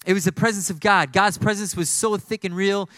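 Male pastor, conversational sermon storyteller, slightly high voice. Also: brisk, pushed and bright, dry recording. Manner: conversational, storytelling preaching with lots of asides.

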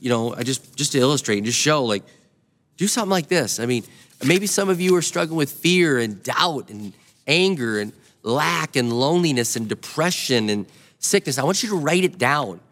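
A man's voice: on the high side, fairly bright tone. A male pastor preaching a sermon in a nearly empty building, earnestly urging his listeners to act. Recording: long hall reverb.

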